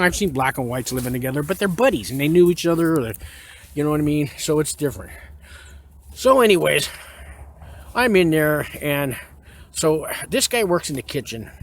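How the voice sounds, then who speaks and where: Gravelly man telling a frank, rambling story. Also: on the high side. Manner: frank, rambling, with many fillers and restarts. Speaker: former inmate giving prison advice. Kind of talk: casual storytelling to camera.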